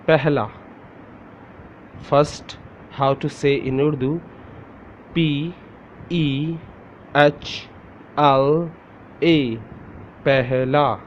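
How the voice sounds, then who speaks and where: A man teaching a pronunciation lesson step by step, spelling words letter by letter and repeating them for the listener. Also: on the high side. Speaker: language teacher. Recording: dull lo-fi recording with faint noise.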